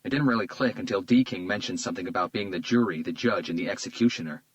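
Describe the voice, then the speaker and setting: A man voicing a weary male police detective who speaks tersely and quietly. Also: low voice, fast talker, no echo, muffled recording, close to an everyday voice. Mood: subdued.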